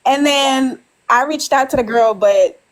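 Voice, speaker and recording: A woman's voice: high voice, unhurried, poor audio. A woman in her twenties, a caller on a live stream, telling a rambling personal story with nervous laughs and many fillers. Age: 20s. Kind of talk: casual confessional storytelling.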